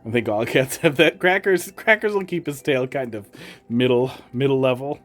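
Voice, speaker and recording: Faint music plays as a man with a slight Wisconsin accent streams, chatting casually with viewers and speaking to his cats in a sing-song voice. His mid-range voice is a bit bright and moves at a moderate pace.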